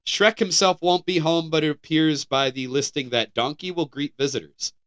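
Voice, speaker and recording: American male co-host, fairly high and crisp, animated headline reader with easy laughs. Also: normal speed. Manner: animated, laughing, stumbling restarts while reading. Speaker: podcast co-host. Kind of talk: casual podcast chat, reading headlines.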